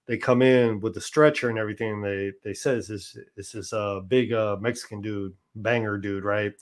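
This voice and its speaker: As an interview guest, a man recounts his experiences in a loose, conversational storytelling style, often checking in with "right?" and restarting sentences. His voice is lowish, his intonation fairly even, his pace moderate.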